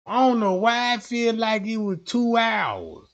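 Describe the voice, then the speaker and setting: A young man livestreaming, telling stories in a casual, slangy, animated way. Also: high voice, unhurried.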